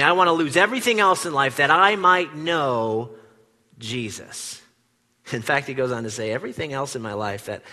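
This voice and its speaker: A pastor delivers an animated sermon, his voice bright and a touch higher than most men's. He acts out quoted lines, swinging from loud declarations to hushed tones. The sound carries a long reverb, as if recorded in a large sanctuary. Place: church sanctuary.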